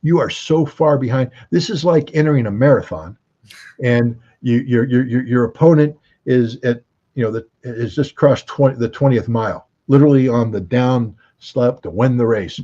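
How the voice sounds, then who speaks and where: A man's voice: mid-range voice, moderate pace, dark tone. An American man giving emphatic, argumentative commentary as an interview guest, fond of rhetorical questions, on dull lo-fi call audio. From United States.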